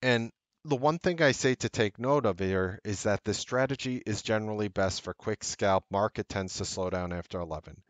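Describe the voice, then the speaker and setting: A man in a trading lesson talks through his charts and leans on repetition to drive each point home. His voice sits a little low. The mic is close and dry, with no room sound. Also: normal speed, no echo. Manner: emphatic, repeats key points. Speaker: trading strategist. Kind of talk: screen-share trading lesson.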